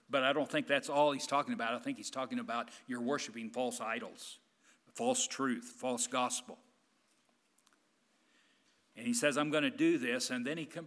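A man preaching a sermon in a church, swinging between loud emphatic passages and hushed, quiet ones. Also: medium pitch, long reverb tail.

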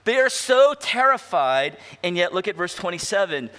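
A pastor delivering an expository sermon, asking rhetorical questions and slowing down to stress key words. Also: male voice, high voice, sing-song, bright, forceful tone. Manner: emphatic, rhetorical questions, slows down for weight.

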